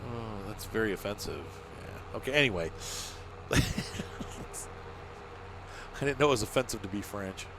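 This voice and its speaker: A man's voice: fairly low pitch, animated, a little slow, background noise. A man hosting a casual let's-play, chatting and joking as he narrates each move in the game. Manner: chatty and jokey, narrating his own moves. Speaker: gaming channel host.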